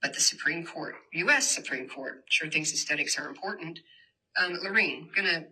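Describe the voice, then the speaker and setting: A woman's voice: sits low, normal speed, bright, forceful tone, slightly rough. A woman giving an impassioned public presentation in a university hall, addressing the audience directly. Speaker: community organizer giving a talk.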